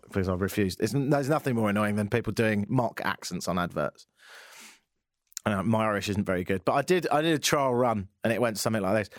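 A man's voice: fairly low pitch, animated, fast, dry recording. A man with an English accent hosting a casual, joking radio talk show from a studio. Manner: chatty, joking, rambling. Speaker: radio host.

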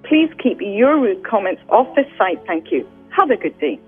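A woman's voice: mid-range voice, sing-song, moderate pace, husky. A Scottish woman on a phone line, reading the part of a scolding, self-righteous woman commenter. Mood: indignant. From Scotland. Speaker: volunteer voice actor. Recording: tinny phone line with faint music.

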